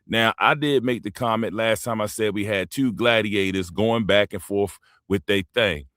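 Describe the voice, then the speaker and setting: A man's voice: moderate pace, fairly bright tone, no echo, clean studio sound. A middle-aged man lecturing and teasing his audience in a rambling, profane livestream monologue. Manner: lecturing, rambling, swings in pitch.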